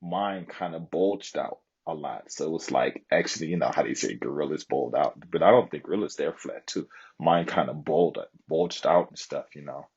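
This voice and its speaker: A man's voice: a bass voice, normal speed, darkish tone, husky, lo-fi sound. A man telling a long story on a live stream in a rambling way, with lots of fillers and asides. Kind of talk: casual storytelling chat.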